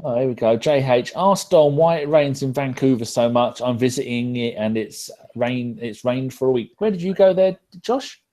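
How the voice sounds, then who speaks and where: A man's voice: medium pitch, normal speed, hardly any pauses, mellow. A man hosting a casual live podcast, bantering with lots of swearing and reading out viewer comments. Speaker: podcast host.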